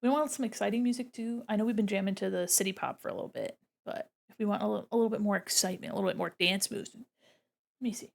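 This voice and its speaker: A woman's voice: mid-range voice, quick pace, gravelly. A woman art streamer chatting casually with her viewers while she draws, thinking aloud as she goes, in a room at home beside a window. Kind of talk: casual chat while drawing.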